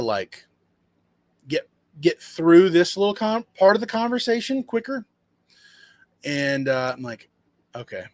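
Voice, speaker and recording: A man with a somewhat high voice tells a customer story in a loose, rambling way, full of restarts and asides. He acts out other people's lines as he goes. The sound is dry and close, with no room echo. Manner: rambling, conversational, acts out quotes in a higher voice. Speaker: dumpster rental business owner. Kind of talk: casual storytelling vlog.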